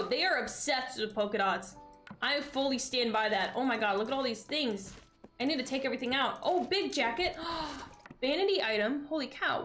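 A young adult woman streaming a game, chatting excitedly with her viewers as she plays. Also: high voice. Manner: bubbly, excitable, talks to chat while playing. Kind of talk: casual gaming stream chat.

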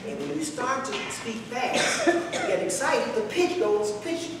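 A man with a Midwestern American accent teaching a public speaking workshop, emphatic and dramatic, with strategic pauses. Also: very high voice, lively intonation, heavy background noise. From Midwestern United States. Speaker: speaking instructor. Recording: echoey hall recorded from far off.

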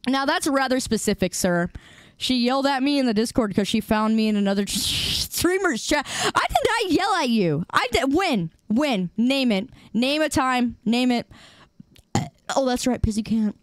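A woman's voice: a little high, animated, moderate pace, no room sound, clean studio sound. A young woman streamer chatting casually with her viewers, bantering playfully and teasing back with mock defensiveness.

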